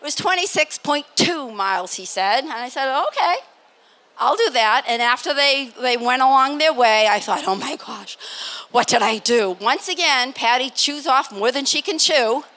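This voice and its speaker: Older woman from massachusetts telling stories on a live stage, high bright voice, laughs a lot. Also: normal speed. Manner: animated, laughing, acts out quotes. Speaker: panel guest. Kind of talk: storytelling on a live panel.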